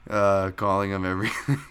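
A man's voice: low voice, level tone, normal speed, fairly bright tone, clear, resonant tone. A man hosting a podcast in a loose, rambling live-stream recap, reading out chat and swearing casually. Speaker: podcast host.

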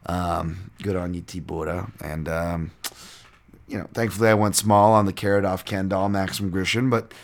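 A man's voice: deep voice, little pitch movement, moderate pace. A man hosting a podcast, casually breaking down fight results in a loose, rambling way with lots of fillers and swearing. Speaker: podcast host and fight analyst.

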